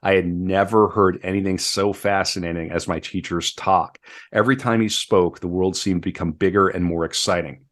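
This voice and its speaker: A man with a low voice co-hosts a podcast and reads long passages aloud in a conversational way, leaning lightly on key words. Between passages he slips back into relaxed chat. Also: normal speed. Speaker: podcast co-host. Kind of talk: reading a memoir aloud, then casual chat.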